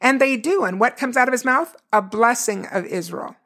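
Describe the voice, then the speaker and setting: A woman's voice: a little high, lively intonation, moderate pace, fairly bright tone. A woman giving a conversational scripture lesson. She reads verses aloud and explains them with casual asides. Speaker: scripture teacher.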